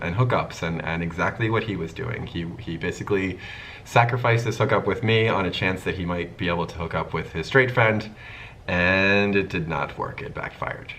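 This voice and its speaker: A man's voice: low-pitched, slight background noise, rough recording. A man hosting his own channel, telling a casual storytime and acting out the people in it as he goes. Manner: animated storytelling, acting out the dialogue. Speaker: YouTube host.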